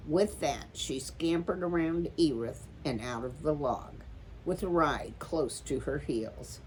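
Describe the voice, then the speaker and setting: A woman reads a children's chapter book aloud with calm, measured storytelling. Her voice sits on the low side and she keeps an unhurried pace throughout. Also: a little hiss or hum, low-quality recording. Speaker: storytime reader.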